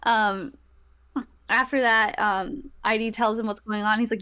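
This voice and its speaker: A woman's voice: on the high side, moderate pace, bright, forceful tone. A woman giving a rambling, casual recap of the last tabletop game session, full of fillers and acted-out lines from her friends.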